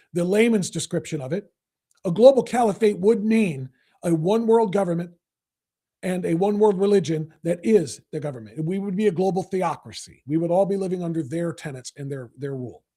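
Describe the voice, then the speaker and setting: A man hosting his own opinion podcast, talking emphatically with deliberate pauses. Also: high-pitched, mellow, breathy edge. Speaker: podcast host. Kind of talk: opinion commentary.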